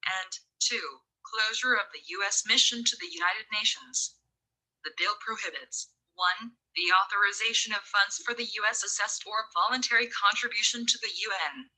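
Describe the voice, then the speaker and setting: A text-to-speech woman's voice reading a bill summary in a flat, even manner. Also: medium pitch, normal speed, poor audio. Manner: flat, even synthetic delivery.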